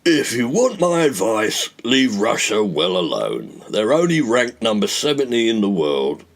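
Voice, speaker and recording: A man doing a gruff, sly bookie. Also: fairly low pitch, very animated, unhurried, voice pushed down, exaggerated voice. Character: gruff, sly, middle-aged English bookie.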